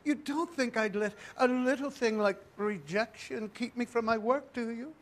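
A man's voice: very high-pitched, normal speed. An actor playing a flamboyant male theater actor with a campy, sing-song way of talking. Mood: chirpy. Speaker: stage actor.

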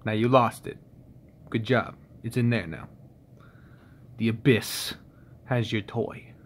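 A man's voice: on the low side, slow, slight background noise. A man at home filming his pet on a phone, teasing it and swearing casually in a playful singsong. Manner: teasing, profane baby-talk to an animal. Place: indoors at home.

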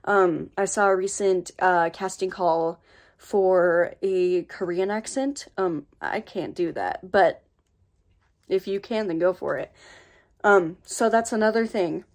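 A woman's voice: on the low side, takes it slowly. An American woman hosting a casual voice acting tutorial vlog, talking in a chatty, rambling and playfully sassy way into her own microphone.

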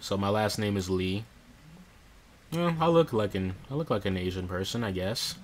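A man's voice: lowish voice, expressive, normal speed, a little hiss or hum. A young man casually narrating a let's play, talking to himself and reading in-game notes aloud. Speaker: gameplay streamer.

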